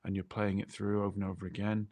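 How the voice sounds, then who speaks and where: Male co-host, lowish voice, talkative explainer. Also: completely flat delivery, fast talker, a little mellow. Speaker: podcast co-host. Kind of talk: explanatory podcast chat.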